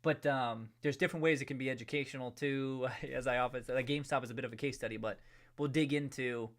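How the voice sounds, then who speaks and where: A man hosting a live stream, chatting casually and greeting viewers from the chat one by one in a rambling, relaxed way. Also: mid-range voice, fast.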